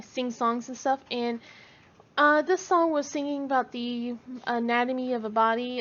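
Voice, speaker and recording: A woman in her thirties telling funny family stories in a chatty, rambling way, laughing as she goes. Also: a little high. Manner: chatty, laughs often, frequent restarts. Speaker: craft vlogger. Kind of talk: casual storytelling. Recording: dull lo-fi home recording.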